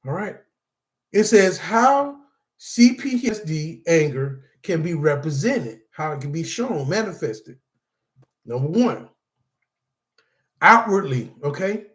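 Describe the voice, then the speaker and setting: A man's voice: a little high, very animated, slow, long pauses, a bit bright, echoey room. A man hosting a support-group talk to camera, part preaching, part casual chat, who laughs often and calls his viewers y'all.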